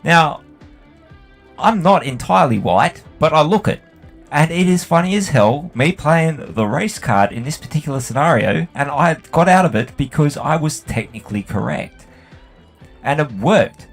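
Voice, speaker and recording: A man's voice: fairly high pitch, animated, moderate pace, faint music behind. A man telling a long, profane story about work while he plays a game. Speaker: gaming channel host. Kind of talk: rambling anecdote while playing a game.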